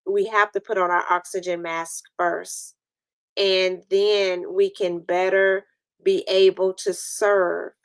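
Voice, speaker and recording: Medium-pitched, clear and resonant, the host's voice is captured in a dry recording. A talkative New Yorker, she runs a relaxed live-stream chat, laughing a lot and bantering with viewers.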